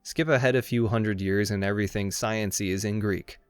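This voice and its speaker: A man's voice: fairly low pitch, steady tone, normal speed, clear, resonant tone, dry recording. A man giving scripted comedic narration for a video essay, irreverent and sarcastic, swearing freely. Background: faint background music.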